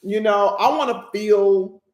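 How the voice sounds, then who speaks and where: A woman's voice: medium pitch, fairly even intonation, a little slow, a little mellow, lo-fi sound. Candid woman podcaster in a roomy space. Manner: candid, emotional, rambling with restarts. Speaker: podcast host. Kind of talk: personal reflective monologue.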